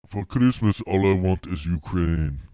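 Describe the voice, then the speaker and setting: Man doing a deadpan mock-German Christmas announcer, very low voice, slow drawl. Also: clear, resonant tone, no echo, studio quality. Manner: deadpan, clipped broken phrasing.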